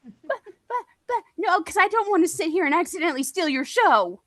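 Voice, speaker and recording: Bright, sarcastic woman telling a story. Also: very high voice, fairly quick, no echo. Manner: sarcastic and passionate; animated and self-mocking, laughs often. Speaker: livestream guest. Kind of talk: casual storytelling chat.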